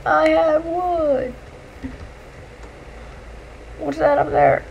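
Woman gamer narrating her play, slow drawn-out talk that jumps way up into yells, bit of faint hiss. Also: mid-range voice, muffled recording. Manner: excitable, shrieks and yells at enemies; chatty, talks to game creatures. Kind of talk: casual gameplay commentary.

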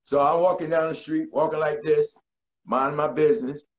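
A man in his forties, a guest in a casual interview, telling stories in an animated way and acting out quotes. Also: on the high side, normal speed, rough recording. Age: 40s. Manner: animated, acts out voices and quotes.

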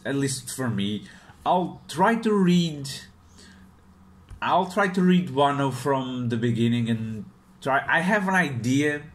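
A man giving an unscripted review of a manga chapter in a relaxed, unhurried way. He speaks at a slow pace in a middle-pitched voice. He often hesitates, fills gaps with "um" and restarts his sentences.

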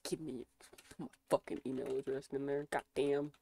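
A young woman from the United States chatting casually on a stream, swearing freely and reacting out loud as she browses. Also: extremely low pitch, level tone, moderate pace, gravelly, slightly rough.

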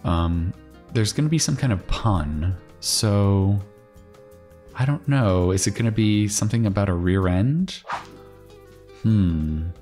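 A man's voice: fairly low pitch, slow pace, pauses often, warm tone, faint music behind. A man casually thinking aloud as he solves a crossword, musing and correcting himself with chatty asides.

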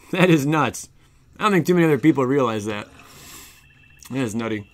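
A man streaming a card game live, chatting with viewers in an excitable, jokey way. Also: medium pitch, normal speed. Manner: excitable, jokey, talks to chat. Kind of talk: casual live stream commentary.

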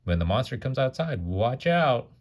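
A man's voice: medium pitch, sing-song, normal speed, pitched above the performer's own voice. A man voicing a bold, clever prospector while reading a storybook aloud. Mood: urgent.

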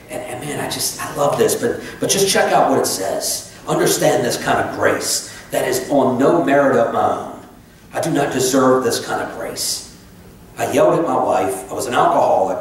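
A man's voice: mid-range voice, slight background noise. Man preaching in an echoey church. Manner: conversational and sarcastic, reads scripture slowly. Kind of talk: sermon. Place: church sanctuary. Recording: echoey church sanctuary, mic at a distance.

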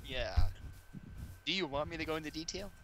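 A man's voice: a little high, a little fast, background noise. A man on a voice call with friends during a game, making crude teasing jokes. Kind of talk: casual chat over a voice call while gaming.

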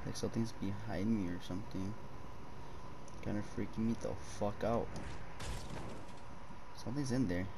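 A man's voice: fairly low pitch, fairly even intonation, normal speed, pauses often, noisy background. A young man commenting on a horror game for viewers, swearing a lot, jumpy, and addressing them as boys. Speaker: gaming streamer.

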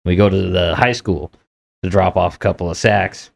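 Podcast host, male, very low voice, laid-back swearing storyteller. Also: steady tone, moderate pace, creaky. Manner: profane, laid-back anecdote telling. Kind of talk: casual storytelling.

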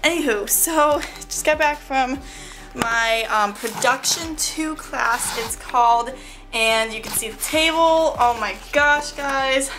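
Young woman, bubbly rambling vlog chat, slightly high voice, a bit out of breath, soft music behind. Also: slow. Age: young adult. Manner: bubbly and rambling, lots of fillers and laughs. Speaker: vlogger. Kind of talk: chatty vlog. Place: her bedroom at home.

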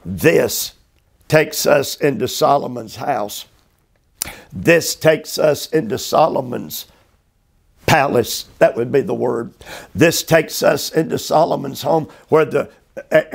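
A male preacher giving a slow expository sermon, drawing out phrases emphatically and often repeating words. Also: a little high, gravelly. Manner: drawn-out, emphatic phrasing with repetitions. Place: motel room.

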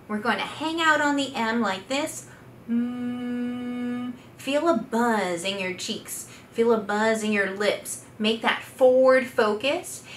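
In this guided vocal exercise lesson, a woman who works as a speech pathologist and singer teaches patiently, step by step, singing notes to demonstrate. Her voice is fairly high, pushed and bright. It's recorded in an echoey room with her a bit far from the mic and slight background noise.

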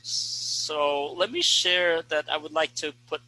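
Man, non-native english speaker, very bright voice, measured teacherly explanations, casual panel talk. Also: fairly high pitch, poor audio. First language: Tagalog. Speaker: host and ESL teacher.

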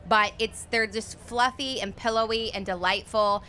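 Upbeat lady cohost chatting about fair food, bright voice. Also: medium pitch, fairly even intonation, a little hiss or hum. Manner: upbeat, quick to laugh. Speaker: talk show co-host. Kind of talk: casual chat. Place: outdoors at a state fair.

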